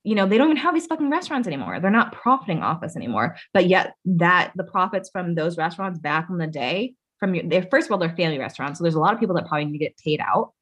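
Low-voiced woman, indignant casual chat. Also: sing-song, racing, hardly any pauses, fairly bright tone, husky. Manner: indignant, profane, filler-heavy talk.

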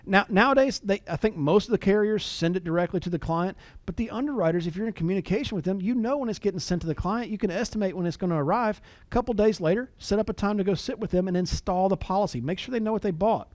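A man's voice: sits high, fast talker, hardly any pauses, no echo. A middle-aged man giving a conversational sales training talk, folksy and full of anecdotes, often repeating words as he acts out calls to clients.

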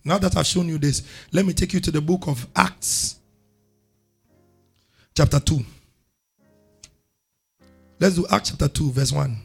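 A man, a pastor preaching a sermon with call-and-response to his congregation and loud exhortations. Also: fairly high pitch, measured pace, creaky, pauses often, breathy edge, soft background music.

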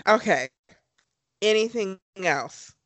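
A woman's voice: mid-range voice, animated, slow pace, no room sound. A woman co-hosting a podcast in casual chat, enthusiastic and emphatic as she gushes. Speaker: podcast co-host.

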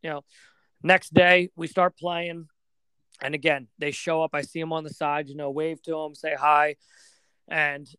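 Young American man, podcast guest; relaxed, filler-heavy storytelling, clear smooth tone on a dry close mic. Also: on the high side, measured pace, no room sound. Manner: relaxed, rambling, many fillers. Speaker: podcast guest, floorball player. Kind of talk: casual storytelling.

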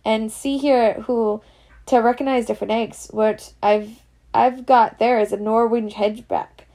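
Hagrid, a woman doing a gruff Scots giant. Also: fairly high pitch, fairly even intonation, unhurried, mellow. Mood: proud. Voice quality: Scots dialect words, gruff and drawn out. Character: big gruff male gamekeeper, kindly, secretive.

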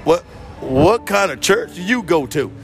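A man playing a brash, streetwise, defiant man who talks loud, boastful and full of slang in a comedy sketch. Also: sits high, lively intonation, measured pace, over music. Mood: incredulous.

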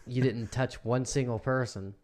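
A man's voice: medium pitch, fairly even intonation, normal speed, darkish tone. A man co-hosting a podcast in casual chat, crude and joking, laughing often. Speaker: podcast co-host.

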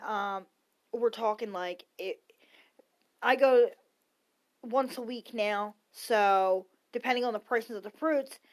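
A woman in her thirties hosting her own podcast, ranting casually and bluntly, swearing freely and wandering off into asides. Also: fairly high pitch. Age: 30s. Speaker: podcast host. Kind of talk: casual opinion rant.

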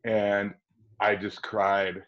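A man in his forties from Wisconsin, an actor telling stories in a casual interview and acting out quotes in a high excited voice. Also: extremely slow. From Wisconsin, USA. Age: 40s. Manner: animated storyteller, acts out quotes in a high excited voice. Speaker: actor guest. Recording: dull lo-fi audio.

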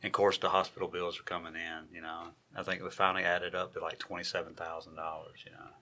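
A man's voice: low-pitched, flat delivery, fast talker, pushed and bright. A man guest in an interview, telling his story plainly and matter-of-factly. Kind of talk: conversational storytelling.

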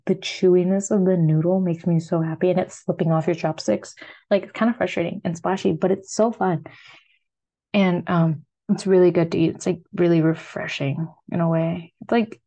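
A woman's voice: lowish voice, warm tone, muffled recording. A young American woman chatting casually and rambling about food she loves, with lots of fillers. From United States. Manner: rambling, filler-heavy, upbeat. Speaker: food vlogger. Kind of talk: casual solo food chat.

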